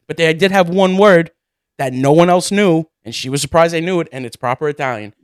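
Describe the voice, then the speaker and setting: A man's voice: on the high side, lively intonation, normal speed, smooth, no echo, clean studio sound. A man co-hosting a casual chat, telling blunt stories with some swearing.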